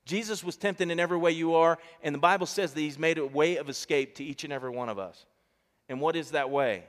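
A male pastor preaching a sermon to a congregation, animated and emphatic, calling out to the people. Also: on the high side, quick pace, long reverb tail. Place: church stage before a congregation.

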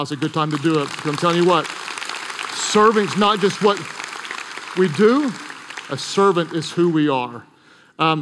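A middle-aged man preaching a sermon in a large church, earnest, swelling to loud emphatic peaks and dropping to soft, hushed lines. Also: on the high side. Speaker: pastor. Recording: long hall reverb.

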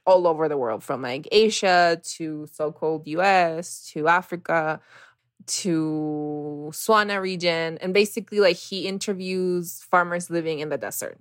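A woman in casual conversation, expressive and soft-spoken at times, rising high when quoting herself. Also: unhurried, dry recording, clean studio sound.

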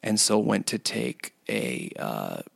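A man's voice: lowish voice, wildly swooping pitch, slow pace, vocal fry, breathy edge, no room sound. A man casually telling a rambling story about his workplace, full of restarts and fillers. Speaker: retail worker telling a work story.

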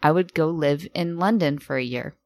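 A woman from the United States co-hosting a podcast in casual chat, expressive and animated. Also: low voice, normal speed. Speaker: podcast co-host.

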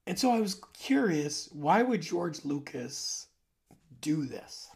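A vlogger with a heavily creaky, gravelly voice chats to the camera in a loose, wandering monologue. They are in their forties, trail off mid-thought and circle back to fix what they said. The pitch sits in a middle register. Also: very animated, takes it slowly, a little mellow. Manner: rambling, loose, trails off and corrects himself. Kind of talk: casual rambling monologue to camera.

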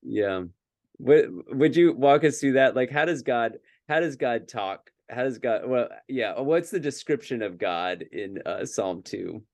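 A man's voice: medium pitch, lively intonation, unhurried, a little mellow, no room sound, studio quality. A man co-hosting a casual scripture discussion, earnest and thinking aloud with many fillers and restarts. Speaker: podcast co-host.

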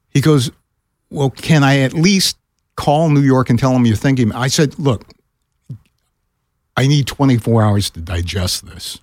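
A man's voice: slow, long pauses, no echo, clean studio sound. An older man, a retired broadcaster, telling a story in a casual chat on a podcast and acting out the other voices. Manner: animated, acts out quoted voices with pitch jumps.

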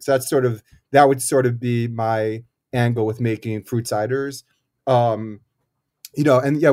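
A man's voice: medium pitch, a little mellow. A cider maker speaks in an ordinary middle voice, casual and thoughtful. He stops and restarts often, filling gaps with ums as he explains. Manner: thoughtful, halting, many fillers and restarts. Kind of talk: casual interview talk.

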